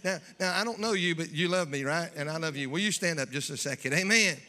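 A man preaching a folksy, joking sermon in church that builds to shouting. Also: on the high side, fast. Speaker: pastor.

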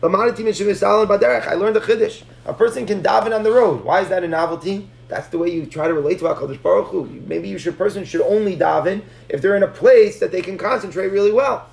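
Male Talmud teacher, high voice with a gravelly edge, earnest explainer. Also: a little fast, few pauses, darkish tone. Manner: earnest, explanatory, frequent restarts. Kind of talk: Talmud class lecture.

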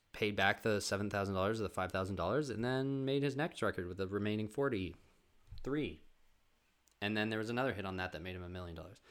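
Bright-voiced guy rambling casually. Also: fairly low pitch, clean tone. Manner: rambling, loose, swears freely, many restarts. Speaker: podcast host. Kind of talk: casual storytelling monologue.

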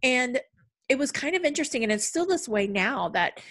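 A woman's voice: high voice, very animated, brisk, a bit bright. A middle-aged woman talking in a casual, conversational way, with frequent fillers and a storytelling flow. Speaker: podcast speaker on money. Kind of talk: casual talk.

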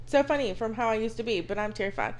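A woman's voice: a little high, animated, fast talker, background noise. A woman chatting casually and teasing her co-host. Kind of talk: casual chat.

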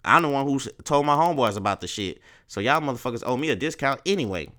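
A young man hosting a solo podcast, ranting in profane, animated street slang. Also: mid-range voice, quick pace. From Texas, USA. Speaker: podcast host.

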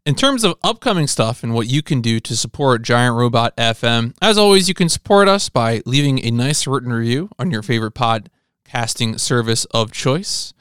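A man hosting a podcast, briskly reading show notes and ways to support the show. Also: medium pitch, animated, fairly bright tone, clean tone, dry recording, clean studio sound. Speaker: podcast host.

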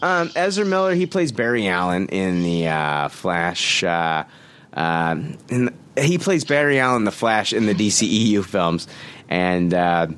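Animated, slow-talking profane podcast host. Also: male voice, low-pitched, clean tone. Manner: profane, exasperated ranting. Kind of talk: casual podcast chat.

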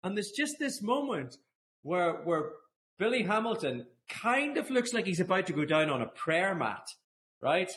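A man's voice: high-pitched, sing-song, a little slow, a bit bright, a little hiss or hum. A man, chatting casually on a podcast, rambling and laughing with many restarts. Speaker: podcast co-host. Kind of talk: casual chat.

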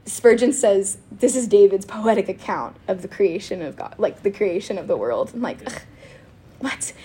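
A woman chatting casually about faith and telling a personal story, animated and quick to laugh, with lots of "like". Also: mid-range voice, breathy edge. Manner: animated and giggly, with frequent laughter and filler "like".

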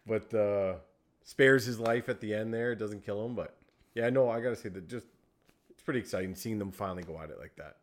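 A man co-hosting a movie review podcast, easygoing and chatty, often agreeing with quick yeahs. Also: on the low side. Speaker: podcast co-host. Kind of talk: casual movie review chat.

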